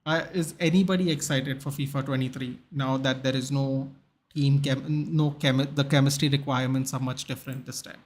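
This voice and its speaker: A man's voice: mid-range voice, fairly even intonation, fairly quick. A young man hosting a live football watchalong stream, chatting casually, answering viewers in the chat and reading out names and match stats.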